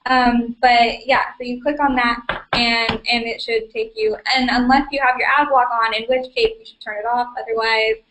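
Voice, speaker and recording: A young woman hosting a casual live Q&A, chatty and full of fillers, on a low-quality stream recording. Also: flat delivery, moderate pace, noisy background. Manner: chatty, filler-heavy, giggly. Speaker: livestream host.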